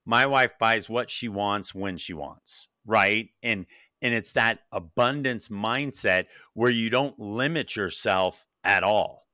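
A man's voice: fairly low pitch, pushed and bright, no echo, studio quality. A man hosting a casual interview chat, talking with enthusiasm and acting out quoted voices in his stories. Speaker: podcast host.

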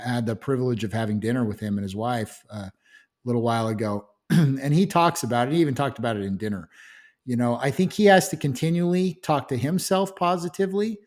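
A man speaks as a guest in a relaxed interview. His voice sits at an ordinary middle pitch. He talks earnestly, restarting phrases and leaning on "you know". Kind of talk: casual interview chat.

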